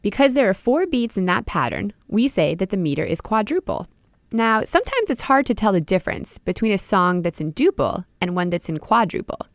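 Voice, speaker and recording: Lively, dry-voiced woman teaching music. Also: medium pitch, fairly quick, no room sound. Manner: clear, explanatory, addressing the listener directly. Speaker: podcast host and music teacher. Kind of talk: scripted educational narration.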